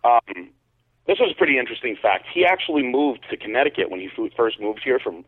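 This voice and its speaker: A man co-hosting a podcast tells a story casually and in a rambling fashion, full of fillers and restarts. His husky, medium-pitched voice is very animated and quick. The audio is narrow, like a phone line.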